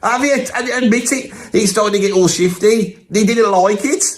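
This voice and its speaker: A man's voice: sits high, moderate pace, pitched above the performer's own voice, lightly acted. A man voicing a boastful, brash Birmingham man with a Birmingham accent who tells swaggering, mocking tall tales.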